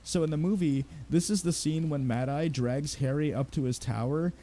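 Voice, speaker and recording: Profane rambling young man, mellow voice. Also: a little high, normal speed. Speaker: gaming streamer. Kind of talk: casual ranting commentary while gaming.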